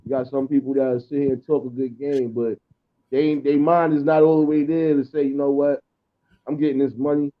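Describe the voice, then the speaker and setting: List: man, call-in guest, relaxed agreeable talk, phone-like audio. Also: mid-range voice, fairly quick. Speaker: guest caller on a livestream. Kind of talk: casual livestream chat. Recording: tinny phone-line audio.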